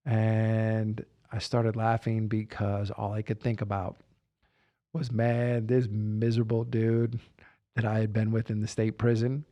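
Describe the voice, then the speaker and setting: A man's voice: lowish voice, level tone, unhurried, dark tone, muffled recording. A man telling a candid personal story in a reflective way. He repeats phrases for emphasis and often says "you know" and "like.". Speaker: guest sharing personal story.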